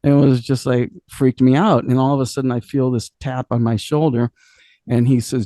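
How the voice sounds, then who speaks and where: A man's voice: mid-range voice, level tone, a little fast, mellow, no echo. A middle-aged man from Cleveland, a rock singer, telling stories in a casual interview. He swears freely and laughs often as he talks.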